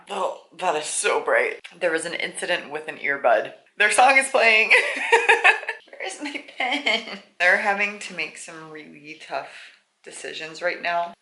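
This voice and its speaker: A woman's voice: low-pitched, pushed and bright. A young woman chatting casually in a reading vlog, gushing and laughing easily as she talks. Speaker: book vlogger. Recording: echoey room.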